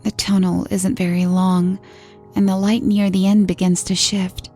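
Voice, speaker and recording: A woman reads a horror story in a steady, earnest way with a dark, mellow tone and a gravelly edge to her voice. Faint music plays underneath her narration. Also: mid-range voice, measured pace.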